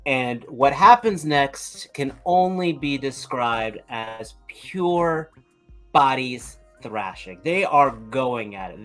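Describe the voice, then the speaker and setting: A man's voice: a little high, a bit bright, poor audio. A man co-hosting a live toy podcast, telling a long joke and acting out the characters' lines. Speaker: podcast co-host.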